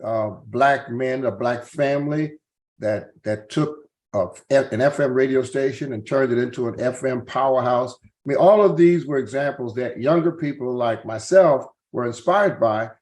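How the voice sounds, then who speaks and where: A man hosts the interview and sets up his guest's story. He speaks earnestly at a middle pitch, and his sentences often stall and restart. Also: normal speed, a little mellow. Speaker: interview host. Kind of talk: interview introduction.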